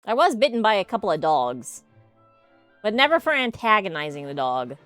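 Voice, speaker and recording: A woman's voice: mid-range voice, big pitch swings, moderate pace, a bit bright, no room sound, faint music behind. A young adult woman streaming a game live, chatting casually, laughing often and telling rambling stories. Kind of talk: casual live gameplay commentary.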